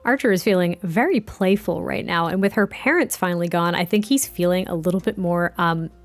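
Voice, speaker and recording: A woman's voice: lowish voice, a little fast. A young adult woman giving casual let's-play commentary, chatty and giggly, rambling with lots of fillers. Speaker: gaming video host. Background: faint background music.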